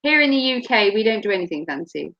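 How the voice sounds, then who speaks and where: A woman's voice: medium pitch, very animated, fast talker, fairly bright tone. A woman from Norfolk with a Norfolk English accent, hosting a casual chat in a blunt, joking way and laughing often. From Norfolk, England. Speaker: host. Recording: muffled lo-fi recording.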